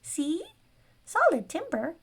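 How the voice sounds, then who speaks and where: A woman voicing a smug, grumpy older male gnome merchant with a squeaky voice. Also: very animated, slow pace, heavily acted. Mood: grumbling. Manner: huffy and boastful.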